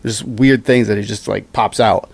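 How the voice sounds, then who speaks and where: A man's voice: lowish voice, steady tone, normal speed, gravelly, no room sound. A man co-hosting a casual chat, rambling and laughing as he reads quotes aloud. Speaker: podcast co-host.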